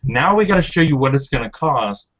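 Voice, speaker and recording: A man giving an upbeat, pushy sales pitch on a webinar, over dull lo-fi audio. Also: animated, fairly quick, fairly bright tone. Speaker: presenter.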